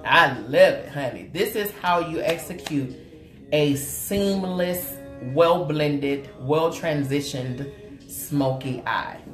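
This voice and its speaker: A woman's voice: sits low, slow. A woman from Oklahoma hosting a makeup livestream, chatting in a sassy, playful way and calling out to viewers by name. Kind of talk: casual livestream chat with viewers. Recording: roomy sound with faint music.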